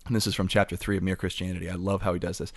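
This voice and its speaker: A man hosting a podcast interview, asking curious and enthusiastic questions in relaxed conversation. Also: low voice, racing, dry recording, studio quality. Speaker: podcast host.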